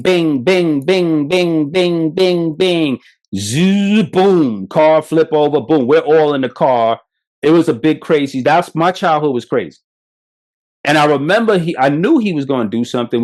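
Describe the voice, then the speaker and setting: Middle-aged Brooklyn man, podcast host; blunt and salty, animated storyteller, mid-range voice. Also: mid-range voice. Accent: New York. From Brooklyn, New York. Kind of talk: candid motivational talk.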